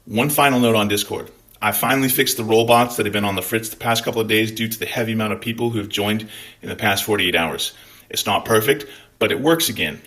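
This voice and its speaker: A Scottish man hosting his own channel launches into an angry vlog rant, blunt, fired up, and full of swearing. His voice is on the lower side with a fairly bright tone.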